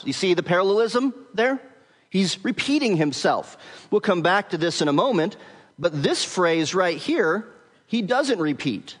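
A man preaching an expository sermon as pastor, measured and emphatic, slowing down to stress key words. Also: sits high, sing-song, long reverb tail.

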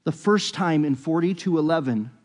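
A man preaching a sermon in a relaxed, conversational way, retelling a story with quoted dialogue. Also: on the high side, moderate pace. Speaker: pastor. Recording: long reverb of a large hall.

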